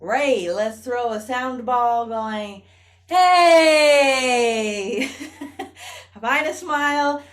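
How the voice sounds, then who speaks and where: A woman acting coach leading a playful vocal warm-up over a video call, laughing often and encouraging. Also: a little high, takes it slowly, hardly any pauses.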